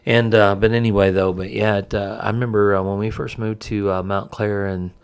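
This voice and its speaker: Man in his fifties, very deep, gravelly, rambling folksy storyteller, casual chat. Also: flat delivery, brisk. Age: 50s. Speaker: co-host, father of the host.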